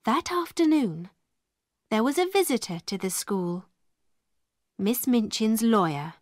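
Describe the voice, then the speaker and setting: A woman narrating a simple story for English learners in a slow, clear and deliberate way. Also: fairly high pitch, expressive, dry recording, studio quality. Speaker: storybook reader.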